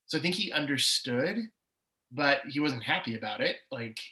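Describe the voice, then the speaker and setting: Candid bright-voiced man in his forties. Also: mid-range voice, animated, moderate pace, low-quality recording. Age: 40s. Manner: candid, emotional storytelling with swings in energy. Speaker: podcast guest. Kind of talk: personal testimony in an interview.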